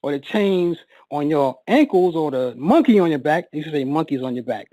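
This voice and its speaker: A man telling an emotional personal story, halting and repeating words, his voice rising as he relives a moment of panic. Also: fairly high pitch, animated, mellow, no room sound, low-quality recording.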